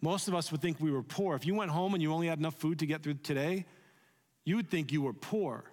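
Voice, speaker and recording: Male pastor, earnest conversational sermon delivery, a touch high-pitched, long hall reverb. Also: quick pace. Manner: earnest, conversational preaching, drops soft when leading prayer.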